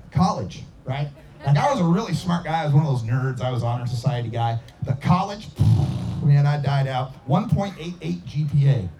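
A middle-aged man from Idaho telling a personal story in a casual, animated way, acting out voices and sound effects and laughing often. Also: high-pitched. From Idaho, USA.

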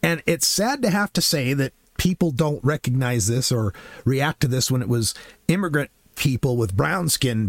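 Sarcastic male commentator, lively pitch. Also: dry recording. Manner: sarcastic, impassioned. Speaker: political commentator. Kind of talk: opinionated commentary monologue.

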